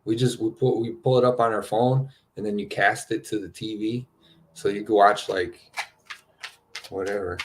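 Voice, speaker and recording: A man hosts a spiritual card-reading session in loose, casual chat, keeping his voice on the low side. He rambles, gets excited, and tosses in "you know" and "right?" constantly. A faint hum sits behind him. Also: moderate pace.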